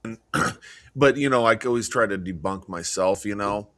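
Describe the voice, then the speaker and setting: A man co-hosting a podcast, talking casually and rambling with halting restarts. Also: on the low side, a bit bright, no room sound. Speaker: podcast co-host. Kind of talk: casual chat.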